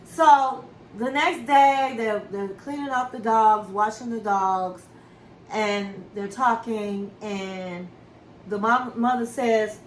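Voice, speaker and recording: A fairly high-voiced woman tells a recap story in casual chat, acting out what people said and calling her listeners honey. Her voice rings in a roomy, echoey space with faint ambient noise behind it. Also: slow pace. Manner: animated storyteller who acts out quotes and calls listeners honey. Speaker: reality TV recap host.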